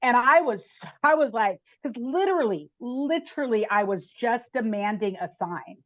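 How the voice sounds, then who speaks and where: A woman guest on a podcast telling a personal story in an animated, chatty way, with frequent "like" and "right?". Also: on the high side, normal speed, no echo, muffled recording.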